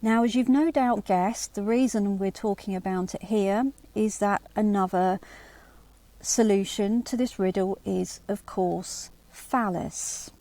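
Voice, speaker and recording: A woman's voice: medium pitch, unhurried, dark tone. A woman hosting a lecture on early medieval riddles, explaining at length with restarts and rhetorical asides, and reading verse aloud. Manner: reads quoted verse aloud. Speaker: channel host.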